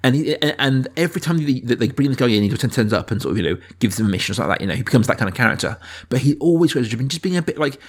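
A man's voice: medium pitch, racing, few pauses, breathy edge. A man in his thirties chatting on a podcast, telling stories with hesitant restarts. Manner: animated storytelling with hesitant restarts. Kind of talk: casual chat.

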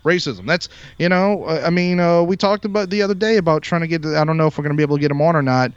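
A podcast host, a man with a somewhat high-pitched voice, rants heatedly and swears constantly. His delivery is emphatic and combative. The recording sounds muffled and lo-fi, with a dry, close sound and no room echo. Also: steady tone, rapid-fire, smooth. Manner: heated, profane, emphatic ranting. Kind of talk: ranting podcast monologue.

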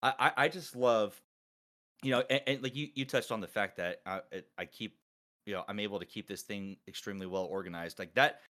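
A man hosting a casual group call, talking excitedly and rambling with many restarts. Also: lowish voice, a little fast. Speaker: podcast host and collab organizer.

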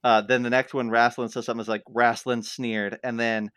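A man co-hosting a podcast in casual chat, wry and animated, piling up asides as he makes his point. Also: mid-range voice, fast, no room sound, clean studio sound. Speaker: podcast co-host. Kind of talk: casual book discussion.

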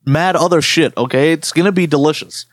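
A young man co-hosting a podcast, ranting and joking in animated, slangy casual chat. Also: on the high side, fairly quick, no room sound. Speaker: podcast co-host.

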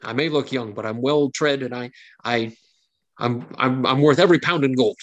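A man's voice: medium pitch, normal speed, muffled recording, natural voice. A man voicing an eager young hunter in his twenties who works as a camp cook, earnest and stammering, forever making promises. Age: 20s.

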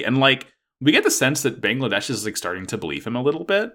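A man's voice: medium pitch, big pitch swings, fast talker, few pauses, sharp tone. A man recapping a plot in casual chat, rambling with lots of fillers and swearing. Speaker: podcast co-host recapping an anime.

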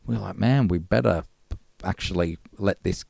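A middle-aged man with a very deep, gravelly voice talks through his old band days. He rambles and slips into quoting what people said back then. The sound is dry and close, with no room around it. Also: normal speed, darkish tone, no echo. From Australia. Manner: rambling, acts out past dialogue. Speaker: former band singer, guest. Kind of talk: casual storytelling interview.

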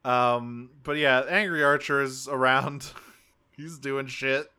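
Bright-voiced man recapping a cartoon. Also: medium pitch, fairly even intonation, slow pace, clean tone. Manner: rambling, self-correcting, swears casually. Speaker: podcast co-host. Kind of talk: casual chat recapping a cartoon episode.

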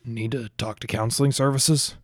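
A man voicing a middle-aged man in an audiobook, speaking in a relaxed, offhand way. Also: mid-range voice, normal speed, dry recording, clean studio sound, natural voice. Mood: easygoing.

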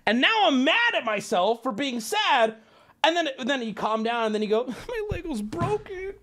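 A male streamer talks straight to his chat in a loose, rambling way, swearing freely and mocking himself as he goes. His pitch swings widely, dropping low and jumping high. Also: sing-song, normal speed, bright, forceful tone. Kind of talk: casual storytelling to chat.

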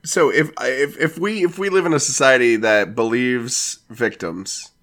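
A man's voice: mid-range voice, measured pace, fairly bright tone. Guy cohosting a podcast, dry jokes, stumbles over his words a bit. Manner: dry, wry remarks, hesitant restarts. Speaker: podcast co-host. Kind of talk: casual podcast chat.

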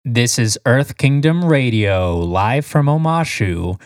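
A man voicing a nerdy male radio newscaster, announcing slowly and deliberately. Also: medium pitch, very animated, no echo, clean studio sound.

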